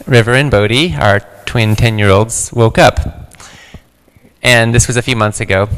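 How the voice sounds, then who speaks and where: Calm man telling a story in a clear, bright voice. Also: mid-range voice, in a large hall. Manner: calm, gentle storyteller, quiet stretches. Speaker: guest speaker. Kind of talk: personal storytelling on stage.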